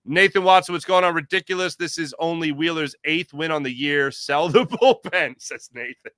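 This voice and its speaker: Man, podcast host, jokey and rambling, slightly high voice, crisp dry recording. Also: brisk, no room sound. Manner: animated, jokey, rambling with restarts. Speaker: podcast host reading live chat. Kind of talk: casual livestream chat.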